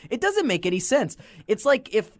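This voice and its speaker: A woman's voice: fairly high pitch, moderate pace, no room sound. A woman co-hosting a podcast in casual chat, exclaiming and riffing incredulously. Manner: lively, exclaiming, incredulous riffs. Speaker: podcast co-host. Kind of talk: casual chat recapping a cartoon.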